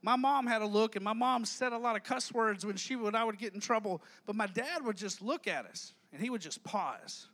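A man preaching to a youth group, shifting from a soft, low prayer into loose, humorous storytelling. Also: fairly quick, few pauses. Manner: prays softly, then tells stories with humor. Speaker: youth pastor.

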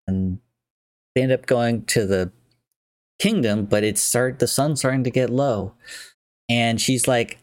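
A man's voice: mid-range voice, steady tone, slow, smooth, no room sound, studio quality. A man casually retelling a film's plot, chatty and rambling, with many fillers.

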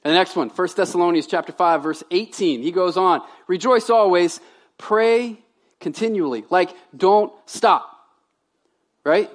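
A man's voice: high voice, measured pace. Conversational male pastor preaching a sermon. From Louisiana. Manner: conversational, swings from loud emphasis to quiet asides.

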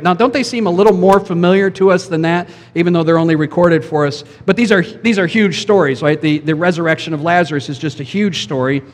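A man preaching a sermon as pastor, in a conversational style, often asking the congregation questions. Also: a little high. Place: church sanctuary. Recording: long church hall reverb.

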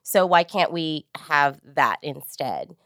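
A woman casting director as a guest, speaking in a relaxed and candid way and laughing easily. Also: deep voice, slow, no room sound, clean studio sound. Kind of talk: casual interview chat.

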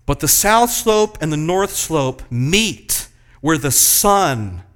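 A man preaching a sermon, moving between loud, emphatic passages and hushed, slow ones. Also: a little high, big pitch swings. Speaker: pastor.

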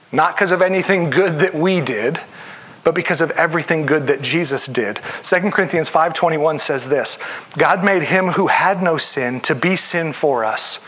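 A man's voice: fairly high pitch, fairly bright tone. A man pastor preaching a sermon in an earnest, conversational way, acting out the inner voices of his listeners.

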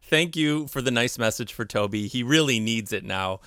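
A man hosts a children's podcast in a gentle, playful way. His voice sits in an ordinary middle range. It sounds dry and close to the mic. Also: mid-range voice, lively intonation, moderate pace, smooth, dry recording. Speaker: podcast host and children's musician.

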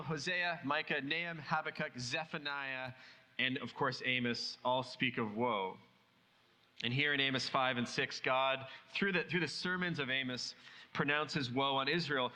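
A man's voice: fairly high pitch, bright, forceful tone, big-room sound, low-quality recording. A man preaching a sermon in a conversational way, asking many rhetorical questions.

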